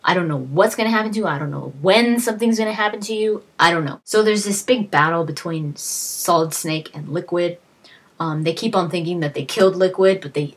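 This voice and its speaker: Young woman, husky voice, lowish pitch, casual rambling game recap, lots of fillers and restarts. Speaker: video creator retelling a game plot.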